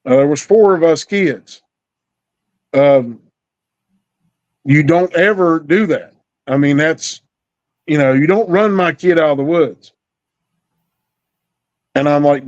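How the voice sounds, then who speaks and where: Speaking slowly with long pauses, a middle-aged man with a fairly high voice spins a folksy, drawling tale and performs the characters' lines. He's a guest storyteller, and the lo-fi recording sounds dull.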